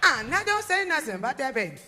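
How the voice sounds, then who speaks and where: A woman's voice: high voice, big pitch swings, quick pace, sharp tone, faint music behind, voice pushed up, exaggerated voice. A woman voicing a mischievous young boy who begs his mother and promises to behave, in a comedy recording. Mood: pleading. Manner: whiny, insistent promising.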